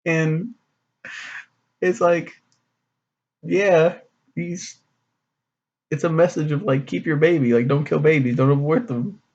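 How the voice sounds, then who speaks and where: A man's voice: on the high side, steady tone, takes it slowly, long pauses, darkish tone, lo-fi sound. A man casually recapping and reviewing a comic in a rambling, profane way, full of fillers.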